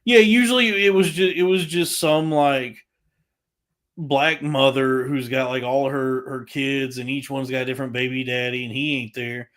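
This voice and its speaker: A man's voice: medium pitch, normal speed. A man talking casually on a podcast, telling a rant in a crude, profanity-heavy way with lots of restarts. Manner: animated, frequent restarts.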